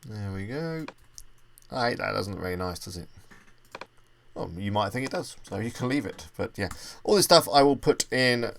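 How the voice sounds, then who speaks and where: A man's voice: fairly low pitch, animated, normal speed, creaky, fairly bright tone, a little hiss or hum. A man presenting a screen-recorded web design tutorial, casually thinking aloud as he clicks through each step. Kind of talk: screen-recorded software walkthrough.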